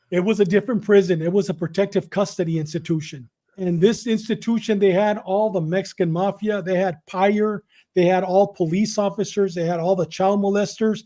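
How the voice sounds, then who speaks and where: Animated, high-voiced man telling prison stories. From Southern California. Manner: quick, repetitive retelling with acted quotes. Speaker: podcast guest telling his story. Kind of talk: animated storytelling.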